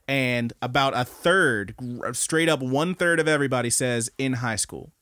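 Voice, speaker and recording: A man's voice: mid-range voice, moderate pace, no echo. A young man on a dry, close podcast mic, talking in a mid-range voice. He recaps anime scenes eagerly, laughs often and swears casually. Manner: excited, laughing, swearing storyteller. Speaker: podcast co-host.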